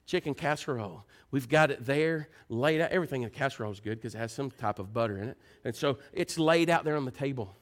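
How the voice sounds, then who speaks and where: A man preaching a sermon, telling homey stories and slipping into soft, low, prayerful tones. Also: fast, few pauses. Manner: folksy storytelling, swings loud and high into playful mimicry. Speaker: pastor.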